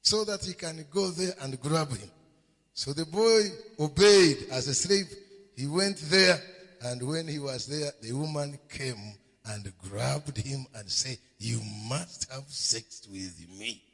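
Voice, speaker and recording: A man's voice: a little high, measured pace, fairly bright tone, husky. A man preaching a sermon, telling a story with emphatic repeated refrains and calling on the congregation to answer. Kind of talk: sermon storytelling with call and response. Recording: long hall reverb.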